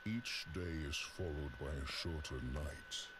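An actor voicing an ominous male voice of doom in a game, speaking slowly and gravely. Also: extremely low pitch, heavy background noise. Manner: slow, grave, foreboding.

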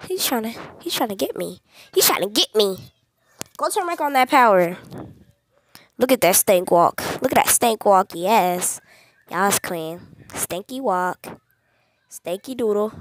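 A young woman runs a gaming channel and delivers excited gameplay commentary straight to her viewers, in a medium-pitched, animated voice that moves a little slowly. She scares easily and keeps repeating short phrases over and over.

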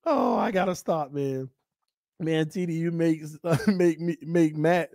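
Man, from Florida, sports livestream host, joking banter, slightly high voice, dry close sound. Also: big pitch swings, takes it slowly, darkish tone, no room sound. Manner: playful trash talk, laughing, reading chat aloud. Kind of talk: casual live-chat banter.

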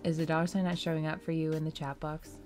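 A woman streaming live, chatting casually with her audience, giggly and excitable and often breaking into laughter. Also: deep voice, quick pace, music in the background.

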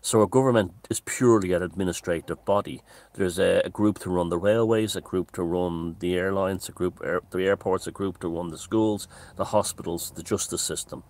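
A man's voice: low-pitched, brisk, hardly any pauses, darkish tone. A man hosting his own channel, talking in a casual unscripted monologue, discursive and opinionated, circling back to restate his points.

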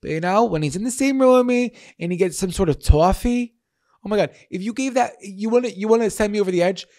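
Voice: medium pitch, fast talker, mellow. A podcast co-host in casual comedic chat, riffing playfully and mock-preachy.

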